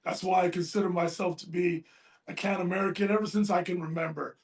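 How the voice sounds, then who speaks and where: Gravelly high-voiced man in a roomy space. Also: fairly even intonation, quick pace. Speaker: podcast co-host. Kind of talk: casual sports talk show. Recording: roomy echo.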